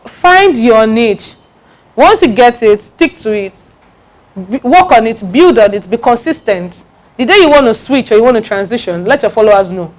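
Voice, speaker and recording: A woman's voice: a little high, animated, normal speed. Emphatic woman giving a talk. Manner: emphatic, repeats key points, laughs and jokes with the audience. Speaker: speaker giving a talk on personal branding. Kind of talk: lively workshop talk to an audience.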